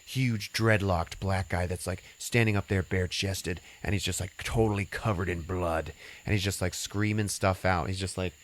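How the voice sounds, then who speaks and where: A man's voice: low-pitched, fairly even intonation, moderate pace. A man hosting a podcast, retelling a film's plot in a loose, rambling way, full of fillers and swearing. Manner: rambling, filler-heavy and profane. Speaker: podcast host recapping a film. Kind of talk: casual movie recap chat.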